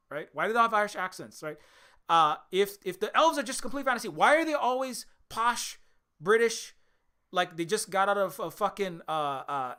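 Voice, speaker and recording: A man's voice: high voice, pushed and bright, clear, resonant tone. A man giving a heated, sarcastic commentary rant, full of rhetorical questions, fillers and swearing. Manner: swears often. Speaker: video essayist. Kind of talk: ranting commentary.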